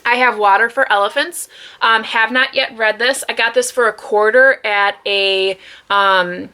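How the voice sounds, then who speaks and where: A woman's voice: a little high, fairly even intonation, measured pace, bright, forceful tone, clear, resonant tone. A woman vlogging about her books at home, chatting casually and rambling with lots of fillers. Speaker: book vlogger. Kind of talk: casual chat. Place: room at home.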